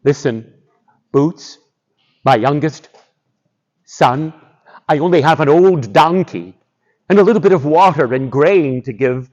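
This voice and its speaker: A man voicing a sorrowful old king bidding his son farewell, low and hushed. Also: animated, a little slow, pauses often, muffled recording. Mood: solemn. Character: old grieving king, solemn.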